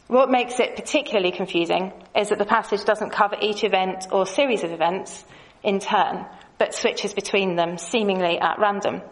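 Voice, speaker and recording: A woman presents a lesson in a measured, explanatory way. Her pitch sits in an ordinary middle range, and she speaks clearly, pausing to point things out on her slides. Now and then she drops in a light aside to her audience. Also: rough recording. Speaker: Bible teacher.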